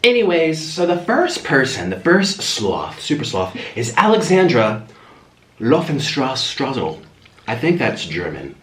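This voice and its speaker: A young man chatting casually while eating, in a food vlog, excitable and chatty between slurps. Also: mid-range voice, a little slow. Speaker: food vlogger. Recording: echoey room with faint hiss.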